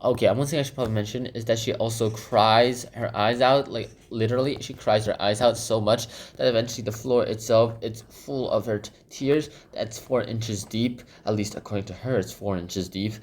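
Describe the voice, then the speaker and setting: A man's voice: on the low side, steady tone, normal speed, hardly any pauses. A man casually summarizing a children's book while sketching, rambling with lots of fillers and repeated phrases. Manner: rambling, filler-heavy, repeats "goes ahead".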